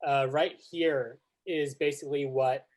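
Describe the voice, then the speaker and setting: A man's voice: mid-range voice, measured pace. Easygoing male guest, full of fillers. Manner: relaxed, heavy use of "like, you know". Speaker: podcast guest. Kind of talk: casual chat recapping an online strategy game.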